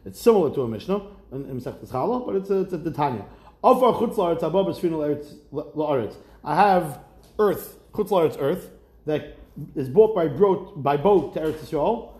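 A man teaching a Talmud class, lively and questioning, mixing Hebrew and Aramaic terms into his English. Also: a little high, moderate pace, roomy sound.

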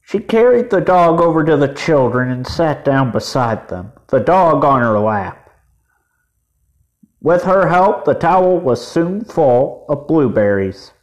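A man reading a children's chapter book aloud, expressive and voicing the children. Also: fairly high pitch, unhurried. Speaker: podcast reader.

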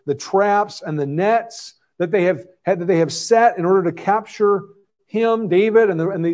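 A man's voice: sits high, darkish tone. A man preaching an expository sermon, earnest and conversational, often restarting his phrases. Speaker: pastor.

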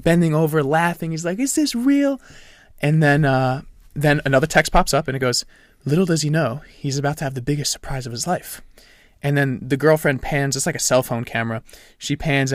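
A young man co-hosting a podcast in casual chat, telling an animated story and laughing at himself. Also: mid-range voice, no echo, clean studio sound. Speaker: podcast co-host.

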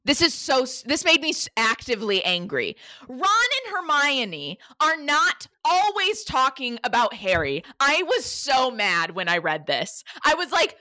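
Woman co-host, emphatic casual chat, bright and lively pitch. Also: unhurried. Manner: emphatic and animated, loud bursts. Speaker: podcast co-host.

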